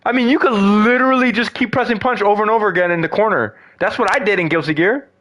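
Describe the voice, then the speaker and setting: A man's voice: high-pitched, fast talker, fairly bright tone. A man ranting in a casual, profane monologue about fighting games, exasperated and slangy. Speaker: gaming vlogger.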